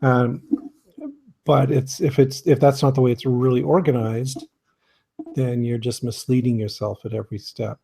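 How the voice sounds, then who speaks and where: Casting note: man, biologist blogger, mellow warm voice, emphatic and critical, video call. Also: mid-range voice, fairly even intonation, normal speed, vocal fry, breathy edge.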